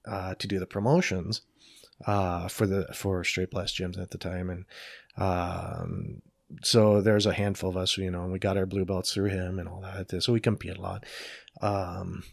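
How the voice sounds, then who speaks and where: A man's voice: low-pitched, dry recording, clean studio sound. A middle-aged man chatting as a podcast guest, rambling with many fillers and jokey asides. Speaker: podcast guest, jiu-jitsu black belt. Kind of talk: casual interview chat.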